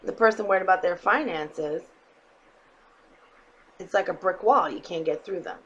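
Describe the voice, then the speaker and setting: A woman's voice: lowish voice, normal speed, fairly bright tone, lo-fi sound, a little hiss or hum. A woman giving a casual tarot reading to her viewers, blunt and emphatic, swearing freely and often checking in with "okay?". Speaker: tarot reader.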